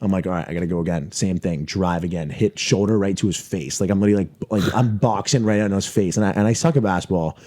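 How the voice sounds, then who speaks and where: Excitable young man with mellow voice. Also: low voice, quick pace, few pauses. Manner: excitable, profane, rambling with many restarts. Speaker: podcast guest. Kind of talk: casual storytelling.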